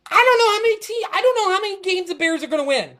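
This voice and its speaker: A woman's voice: extremely high pitch, animated, very fast, fairly bright tone. A woman hosting a podcast, ranting in a casual, frustrated way about her football team, rambling and stammering through restarts. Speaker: podcast host. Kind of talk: casual sports rant.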